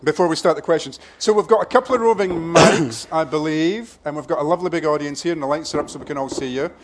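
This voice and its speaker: A man's voice: on the high side, fast, heavy background noise. A man chairing a live author event on stage, chatty and teasing as he steers the talk toward questions. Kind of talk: hosting a live onstage interview. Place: festival stage.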